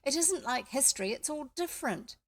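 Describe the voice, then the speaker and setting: A woman's voice: sits high, lively intonation, brisk, voice pushed up. A woman voicing a timid, emotional young girl. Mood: pleading. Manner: timid, tearful.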